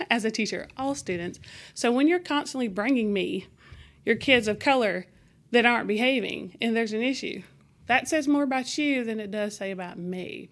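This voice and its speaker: A woman teacher as an interview guest, telling stories in a lively conversational way and acting out the exchanges she describes. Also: fairly high pitch. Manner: animated, acts out quoted exchanges. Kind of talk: conversational storytelling.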